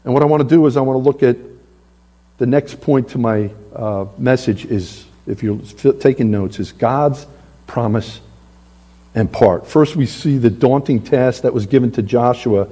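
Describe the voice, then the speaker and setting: A man preaching a sermon in a church, animated, acting out the voices of biblical figures. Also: mid-range voice, moderate pace. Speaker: pastor. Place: church sanctuary.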